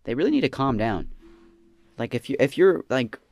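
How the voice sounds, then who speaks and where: Animated young man, slacker comedy drawl. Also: mid-range voice, normal speed, gravelly, dry recording. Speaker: podcast host answering listener questions. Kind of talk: deadpan comedic podcast banter.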